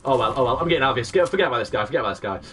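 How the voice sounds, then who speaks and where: A young man, giving excitable play-by-play commentary on his live game stream and greeting chat viewers. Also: mid-range voice, rapid-fire, recorded from a distance, a little hiss or hum. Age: 20s.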